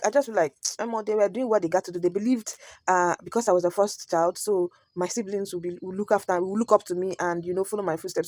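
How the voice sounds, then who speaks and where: Nigerian lady reacting to a clip, chatty, drops into pidgin, talks quick. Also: medium pitch. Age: adult parent. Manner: chatty, mixes pidgin, storytelling. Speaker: reaction video host. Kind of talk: casual reaction commentary.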